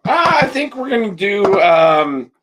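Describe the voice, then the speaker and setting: High, lively-voiced man joking with friends. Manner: joking, laughs often, quick banter. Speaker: podcast co-host. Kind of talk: casual chat.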